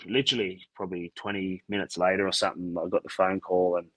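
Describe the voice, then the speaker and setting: A deep-pitched Australian man spins a relaxed yarn in a dry, close-sounding recording. He is a former footballer talking as an interview guest. He fills gaps with ums and acts out old phone calls as he goes. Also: fast talker, dry recording, rough recording. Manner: laid-back yarning with many fillers; retells events by acting out quoted chats. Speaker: retired rugby league player, guest. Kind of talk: casual storytelling interview.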